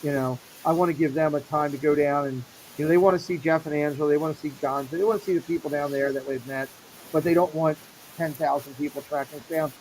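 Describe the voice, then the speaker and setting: A man's voice: a little high, steady tone, quick pace, darkish tone, slight background noise, rough recording. A middle-aged man hosting a casual show, animatedly acting out the people in his story. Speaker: show host.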